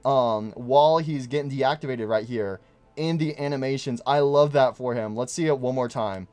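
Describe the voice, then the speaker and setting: A man giving excitable gameplay commentary on his channel, gushing over details on screen. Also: medium pitch, moderate pace. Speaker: gaming YouTuber.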